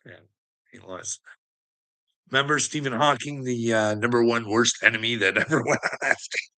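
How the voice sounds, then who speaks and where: A man on a livestream rants at his chat in a sarcastic, profane and mocking way. His voice is bright and sits at a middle pitch. He laughs often between his jabs. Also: normal speed.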